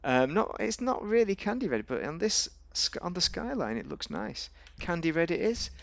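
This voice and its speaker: A man with a gravelly, fry-tinged voice talks his way through a game in loose, chatty commentary. He rambles, jokes and argues with himself, and his pitch jumps up and down mid-sentence. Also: huge pitch swings, moderate pace, a bit bright, no room sound. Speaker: gaming video host. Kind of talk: casual gameplay commentary.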